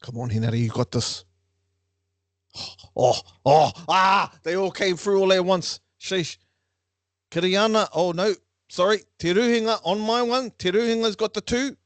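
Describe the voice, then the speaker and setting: A man hosting a lively quiz for a class, playful and teasing with frequent laughter. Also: high voice, a little slow, no room sound. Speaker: online class quiz host.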